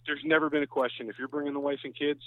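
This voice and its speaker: A man from Canada, a softball pitcher, telling rambling anecdotes as a podcast guest. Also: level tone, rapid-fire, no room sound. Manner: rambling anecdotes with many restarts. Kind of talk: casual chat, storytelling. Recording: tinny phone-like line, dry.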